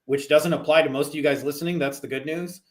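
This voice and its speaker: A man's voice: a little high, steady tone, fast. A middle-aged man from Canada, a guest chatting casually about marketing, rambling with lots of "like". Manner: rambling, heavy on "like" fillers. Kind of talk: casual chat.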